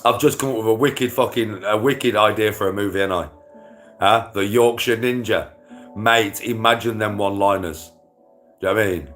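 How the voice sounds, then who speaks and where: A man with a lowish voice rambles through casual chat to his viewers, swearing freely and laughing between thoughts. Faint music plays in the background. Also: fairly even intonation, normal speed, a bit bright. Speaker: livestreamer.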